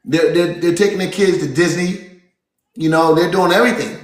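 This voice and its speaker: Energetic man coaching in an echoey room. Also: high-pitched, moderate pace. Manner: energetic, repetitive, addresses listeners as folks. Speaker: real estate business coach. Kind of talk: motivational seminar talk.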